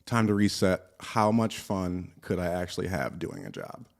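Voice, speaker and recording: A man's voice: deep voice, expressive, moderate pace, gravelly. Easygoing man in his thirties from Cleveland. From Cleveland, Ohio, USA. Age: 30s. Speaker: guest, dog trainer. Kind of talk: casual chat.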